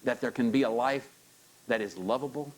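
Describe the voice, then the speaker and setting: A man's voice: medium pitch, normal speed, poor audio. Pastor coaxing his congregation. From United States. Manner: animated, coaxing congregation to repeat lines. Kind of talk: sermon.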